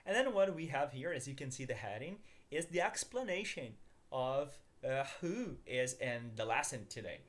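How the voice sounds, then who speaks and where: A man's voice: medium pitch, big pitch swings, moderate pace. A man teaching a beginners' language lesson, upbeat, calling his viewers guys and asking them to repeat after him.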